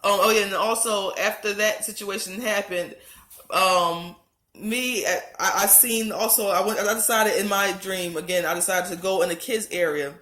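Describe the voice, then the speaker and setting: A woman's voice: mid-range voice, fairly even intonation, normal speed, a bit bright, reverberant. A woman, emotionally recounting a religious dream, close to tears, pleading and repeating herself. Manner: earnest, repetitive, pleading, many restarts. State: heart racing, close to tears. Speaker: vlogger sharing a religious dream. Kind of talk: emotional testimony to camera.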